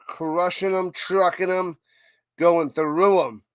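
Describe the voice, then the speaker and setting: A man with a New York accent calls a football game play by play, then chats with his viewers in between. His voice sits a bit high and gets excitable on big plays. The sound is close and dry, with no room echo. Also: takes it slowly, clean tone. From United States. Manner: excitable, chatty, reads live chat between plays. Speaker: livestream watch-party host doing play-by-play. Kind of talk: casual play-by-play commentary and chat.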